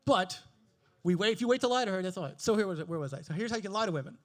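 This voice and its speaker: A man performing a stand-up comedy set on stage with a handheld mic, animated and swearing, mimicking other voices with big jumps in pitch. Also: racing. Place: comedy stage before a live audience.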